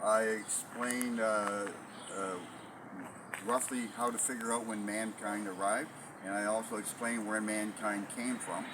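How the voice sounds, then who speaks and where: A man, an inventor guest, talking earnestly and haltingly with many fillers. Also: on the low side, little pitch movement, background noise. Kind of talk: casual interview chat.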